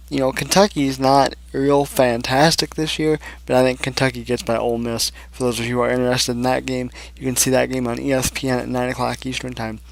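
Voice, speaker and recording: A man's voice: medium pitch, creaky. A young man hosting a casual sports picks show, rambling through scores and predictions with plenty of fillers. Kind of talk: casual solo sports commentary.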